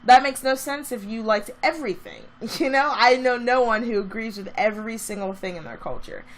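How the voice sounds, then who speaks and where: A woman's voice: on the high side, fairly quick. A woman vlogger telling a story in a casual, chatty way that turns into a heated rant.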